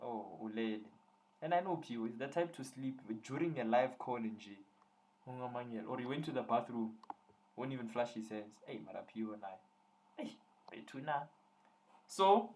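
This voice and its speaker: A man's voice: mid-range voice, animated, normal speed. A young man tutoring students on a live online call, teasing and joking with them as he works through examples.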